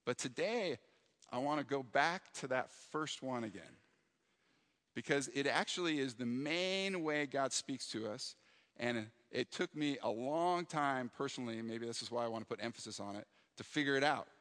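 A man's voice: medium pitch, lively intonation, moderate pace, fairly bright tone. Earnest male pastor in a reverberant hall. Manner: earnest and reflective, acting out prayers and dialogue. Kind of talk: sermon.

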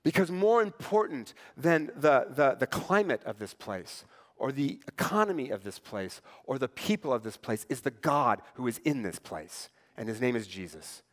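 A man's voice: medium pitch, moderate pace. A middle-aged man preaching a sermon as pastor, talking conversationally and animatedly, asking the congregation "right?" often. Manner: conversational, animated, acts out quoted voices. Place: church sanctuary. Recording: long church hall reverb.

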